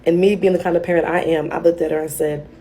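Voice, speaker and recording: A woman's voice: lowish voice, fairly even intonation, quick pace, dark tone. A woman, a mother, telling a family story in a dry, matter-of-fact way. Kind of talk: casual storytelling.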